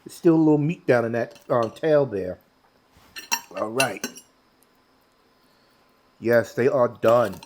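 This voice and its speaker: A man, hosting a casual cooking vlog in a relaxed, chatty way and talking while he eats. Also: medium pitch, moderate pace, few pauses, slight background noise. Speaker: cooking channel host.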